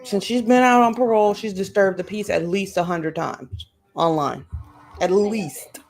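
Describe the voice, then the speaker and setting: A woman's voice: medium pitch, normal speed. Blunt, sweary woman streamer. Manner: blunt, swears often, sarcastic. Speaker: stream host reacting to a livestream. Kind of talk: casual commentary.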